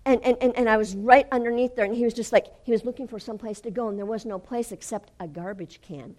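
Older woman preacher, fervent sermon delivery that builds to shouting. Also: a little high, fast. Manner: fervent, rises to shouting when retelling. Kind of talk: sermon testimony.

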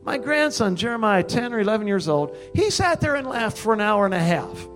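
An older man preaching, telling a story in an animated way and breaking into loud laughs and high exclamations. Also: brisk, soft background music. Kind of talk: sermon testimony.

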